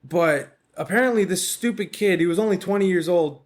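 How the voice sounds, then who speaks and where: A male podcast host carries a one-man show with a voice pitched a little higher than most men's. He wanders from point to point, swearing casually and tossing off sarcastic asides. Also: fairly quick. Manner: rambling, profane, wisecracking. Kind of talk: casual solo podcast monologue.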